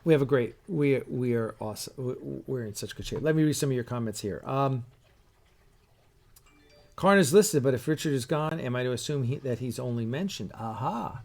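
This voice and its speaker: A middle-aged man, the show's host and producer, runs a casual live stream, chatting loosely and reading viewer comments aloud. He rambles with plenty of fillers and false starts, stopping now and then to sip coffee. His mid-range voice is expressive and darkish in tone.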